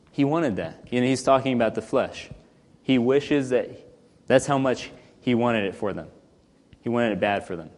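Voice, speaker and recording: A man's voice: medium pitch, a little mellow. Man teaching scripture in a reverberant room. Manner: reads scripture aloud then explains in casual talk, frequent throat clearing. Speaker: Bible teacher. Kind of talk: Bible study teaching.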